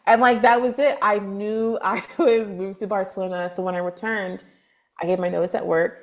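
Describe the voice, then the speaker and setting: A woman from Texas, a spiritual advisor guest, telling her story in a chatty, lively podcast interview with lots of fillers. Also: mid-range voice, normal speed. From Texas, USA.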